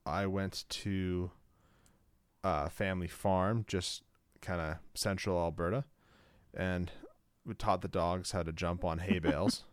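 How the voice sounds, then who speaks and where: A man with a very low voice chatting casually as a co-host. He rambles, restarts his sentences and leans on filler words. The sound is dry and close. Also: fairly even intonation, slow, no echo. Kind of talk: casual chat.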